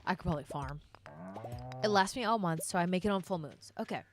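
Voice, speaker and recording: A woman's voice: lowish voice, quick pace, a little hiss or hum. A young woman giving casual, rambling gameplay commentary as a gaming vlogger, chatting directly to her viewers.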